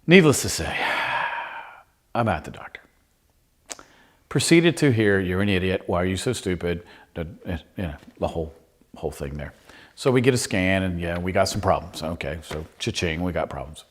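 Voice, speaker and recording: A man's voice: low voice, expressive, normal speed, pauses often, slightly rough. A middle-aged man, a pastor, giving a humorous storytelling sermon full of self-mocking, chatty anecdotes.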